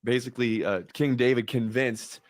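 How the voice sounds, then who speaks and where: A man's voice: medium pitch, steady tone, moderate pace, dry recording. A man preaching in a casual, chatty way. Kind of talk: sermon.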